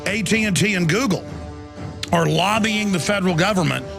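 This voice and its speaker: A man, hosting a talk radio show and ranting angrily about government spending, at times breaking into furious shouts. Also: high voice, normal speed, creaky, over music. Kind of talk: angry talk radio rant.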